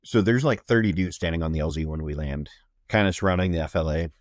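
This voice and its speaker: Low-voiced guy from ohio telling medic war stories, blunt and sweary, dry close mic. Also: quick pace, dry recording. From Ohio, USA. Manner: blunt, profane, matter-of-fact war stories. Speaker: guest, flight medic. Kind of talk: casual storytelling in a podcast interview.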